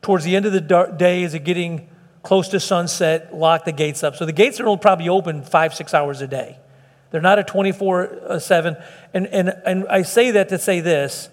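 A man's voice: sits high, steady tone, normal speed. A middle-aged man preaching a sermon as pastor, earnest and pleading, stumbling over restarts and fillers. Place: church sanctuary. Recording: long echo of a large hall.

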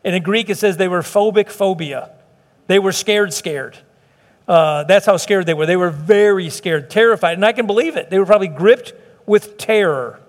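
Middle-aged pastor, high voice. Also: male voice, moderate pace. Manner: conversational preaching with restarts and acted quotes. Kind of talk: sermon. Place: church sanctuary. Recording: long hall reverb.

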